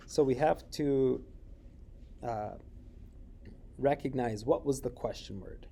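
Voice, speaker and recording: A man teaching a recorded Spanish lesson, explaining slowly with many fillers and checking questions. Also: medium pitch, vocal fry, mellow, husky.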